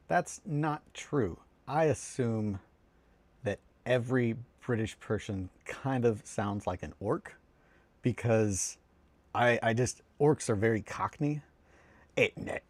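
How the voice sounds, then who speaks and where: A man's voice: fairly low pitch, darkish tone, no room sound. A man chatting casually while building models on a hobby stream, rambling, swearing freely and cutting himself off mid-sentence. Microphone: close desk mic.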